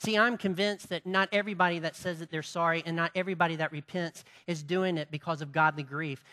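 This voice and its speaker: Pastor, sermon, bright forceful tone, rhetorical questions, emphatic repetition. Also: mid-range voice, steady tone, fast, few pauses. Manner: preaching with rising emphatic passages and repetition; asks the congregation rhetorical questions.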